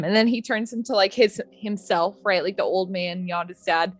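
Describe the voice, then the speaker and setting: A woman's voice: mid-range voice, normal speed. A young adult woman recapping a tabletop game session in a rambling, profane, casual storytelling way. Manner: rambling, profane, acts out quotes. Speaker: player recapping the last session.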